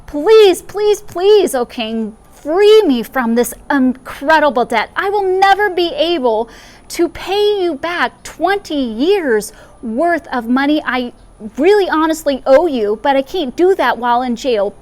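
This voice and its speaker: Frau spielt verzweifelten Schuldner, hoch, stotternd, flehend, Predigtgleichnis. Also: female voice, high-pitched, expressive, unhurried, darkish tone, voice pushed up. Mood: pleading. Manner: pleading, stammering. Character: desperate male debtor begging a king.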